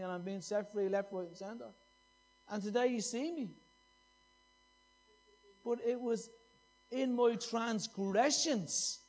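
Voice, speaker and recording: A middle-aged man preaching a sermon, impassioned and repeating phrases for emphasis. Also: high-pitched.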